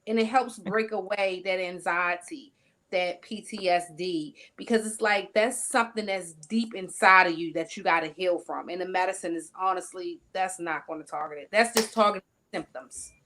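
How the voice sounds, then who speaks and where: A woman's voice: on the low side, fairly bright tone. Woman, from North Carolina, talk show guest, casual, explanatory. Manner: casual, explanatory, quick quoted asides.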